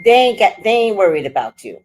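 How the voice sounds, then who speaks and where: A woman, hosting her own stream and telling a family story in a blunt, slangy, animated way. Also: medium pitch, a little fast. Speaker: livestream host. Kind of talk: casual storytelling chat.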